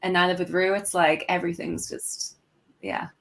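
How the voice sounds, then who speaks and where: A woman's voice: on the low side, normal speed, gravelly. Casting: woman in her 30s, British accent with American slips, easygoing and self-deprecating guest. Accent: British, mixed with some American. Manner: chatty, self-deprecating, loose and relaxed delivery. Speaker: guest burlesque performer. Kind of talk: casual podcast chat.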